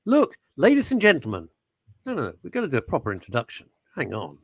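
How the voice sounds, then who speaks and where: A man's voice: medium pitch, huge pitch swings, fast talker, breathy edge, no echo. A man hosting a talk show, bantering and teasing in a theatrical way. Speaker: host.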